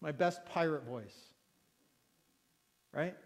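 Slow, high-voiced preacher in a ringing hall. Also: male voice, darkish tone. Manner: earnest, repeats phrases, asks the listeners questions. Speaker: pastor. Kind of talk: sermon. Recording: long reverb of a large hall.

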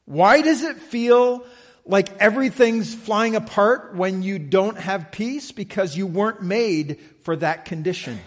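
A man preaching a sermon, slow and emphatic, often checking in with the listeners. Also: high-pitched, long reverb tail. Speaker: pastor.

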